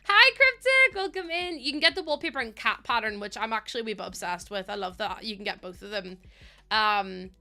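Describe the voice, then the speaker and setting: A woman's voice: a little high, lively intonation, fairly quick, bright, forceful tone. A young woman with a Northern Irish accent, chatting casually with viewers as she streams a game, rambling and laughing often. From Northern Ireland. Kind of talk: casual live-stream chat, greeting viewers.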